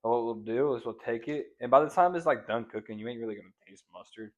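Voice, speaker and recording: A cooking vlogger with a mid-range voice talks quickly as he casually demonstrates seasoning ribs, playful and full of slang, crooning pet names at both the food and the viewer. The audio has its highs cut off.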